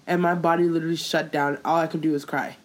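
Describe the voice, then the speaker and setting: Young woman co-host, lower voice, animated slangy storyteller, faint noise behind. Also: fast talker. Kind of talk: casual chat.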